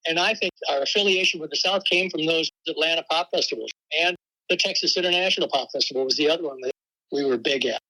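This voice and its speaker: An older man, a veteran rock drummer, telling stories in a relaxed interview and laughing often. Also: fairly high pitch, fast talker, low-quality recording. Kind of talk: casual interview talk.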